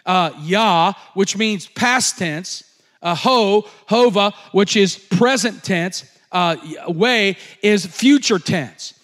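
A man preaching a sermon, slow and emphatic, repeating key phrases with occasional fillers. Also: sits high, fairly bright tone. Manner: emphatic repetition, slow deliberate delivery with fillers.

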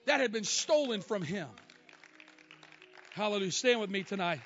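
A preacher with a very high, bright, forceful voice tells his story dramatically, swinging from shouts to near-whispers. The sound is a bit dull and lo-fi, with faint music underneath. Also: lively intonation, normal speed, long pauses. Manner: dramatic, shifting from loud exclamations to hushed, emotional lines. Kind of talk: storytelling sermon.

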